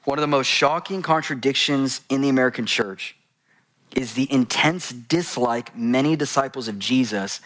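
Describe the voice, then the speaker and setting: A man preaching a sermon to a congregation, telling stories with jokes and asides. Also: medium pitch. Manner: animated storytelling, addresses congregation, jokes.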